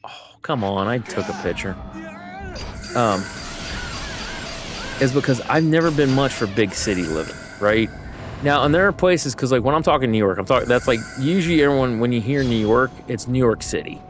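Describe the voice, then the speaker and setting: A man's voice: mid-range voice, animated, moderate pace, over music. Rambling American man chatting mid-stream. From United States. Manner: rambling, filler-heavy, easygoing. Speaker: gaming streamer. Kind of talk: casual rambling chat while playing.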